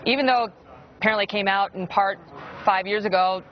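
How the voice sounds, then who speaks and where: A woman moderating a news panel, pressing her guests with brisk questions in a mid-range voice. The sound is a little dull, with a faint hiss behind it. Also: mid-range voice. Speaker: news show host. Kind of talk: moderating cable news debate. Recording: slightly dull broadcast audio with faint noise.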